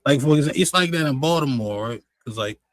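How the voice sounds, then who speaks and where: Relaxed man in casual banter. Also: mid-range voice, fast, no echo. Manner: relaxed, explaining, laughs easily.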